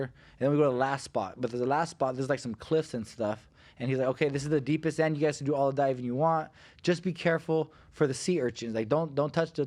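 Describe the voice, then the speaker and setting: A man's voice: medium pitch, a little mellow. A man in his thirties tells a story on a casual podcast with lots of energy. He acts out the voices of the people in it, and his voice sits in a middle register. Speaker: fighter guest.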